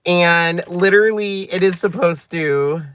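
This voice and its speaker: A man hosting a crafting channel, chatting excitably and breaking into giggles while opening gifts in his car. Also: sits high, unhurried, clear, resonant tone, no room sound. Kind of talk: casual unboxing vlog. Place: inside a parked car.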